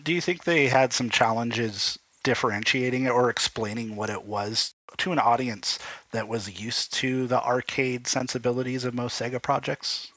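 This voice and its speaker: A man's voice: medium pitch, fairly even intonation, normal speed, bright, forceful tone, no echo, rough recording. A man hosting a podcast, asking long, thoughtful questions in a casual chat. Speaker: podcast host.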